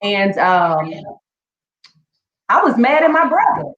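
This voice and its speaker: Woman guest, fairly high voice, chatty heartfelt storyteller, dull echoey video call. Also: big pitch swings, slow, fairly bright tone. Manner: chatty, keeps calling the listener "girl". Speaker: teacher. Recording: echoey room, dull lo-fi sound.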